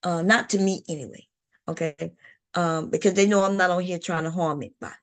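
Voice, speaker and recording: A woman's voice: fairly low pitch, fairly even intonation, fairly quick. A woman hosting a casual livestream, chatting to her viewers in a talkative, repetitive way. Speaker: livestream host.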